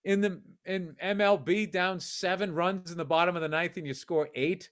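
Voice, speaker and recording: A man co-hosting a podcast, telling animated, profane stories in casual chat. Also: high voice, normal speed. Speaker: podcast co-host.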